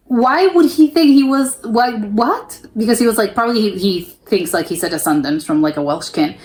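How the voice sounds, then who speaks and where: A woman's voice: fairly high pitch, normal speed, darkish tone. A young woman from the United States hosting a reaction video, reading comments aloud and reacting with laughs and disbelief. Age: young adult.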